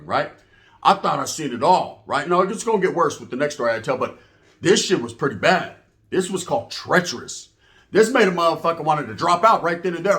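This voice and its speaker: A man's voice: a little high, very animated, fairly quick, fairly bright tone. A man telling a rambling, profane story in heavy street slang, tagging lines with "right?". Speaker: storyteller recounting prison life. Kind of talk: casual storytelling.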